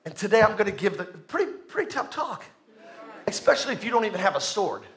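A male pastor preaching a sermon, shouting his declarations and calling on the congregation to answer back. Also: sits high, very animated, fast talker. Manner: shouting, swinging between loud declarations and quiet asides; calls to the congregation for responses.

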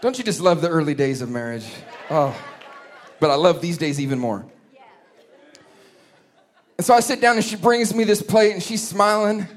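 High-voiced preacher telling funny stories. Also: male voice, normal speed, pauses often, slight background noise. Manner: animated, humorous storytelling. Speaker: pastor. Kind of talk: sermon.

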